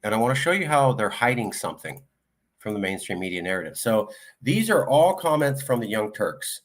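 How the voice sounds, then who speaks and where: A man offers casual political commentary, reading viewer comments aloud in quick succession. His voice is on the low side with big swings in pitch.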